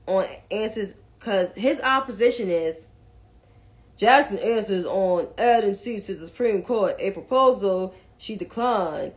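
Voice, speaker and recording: Blunt, slow-talking woman commentator. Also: mid-range voice. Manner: blunt and profane, mocking. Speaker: political commentator. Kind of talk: casual political commentary.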